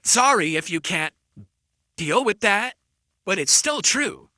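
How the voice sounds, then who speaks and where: A man's voice: high voice, expressive, slow pace, sharp tone, no room sound, studio quality. A man streaming live, ranting defensively at his critics and insulting them.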